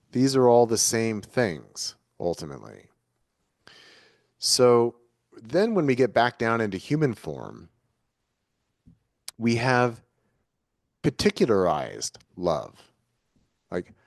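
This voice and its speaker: A man with a mid-range voice speaks as a guest in a reflective, conversational interview, earnest and searching, putting his ideas several different ways. The recording is clean studio audio with no room sound.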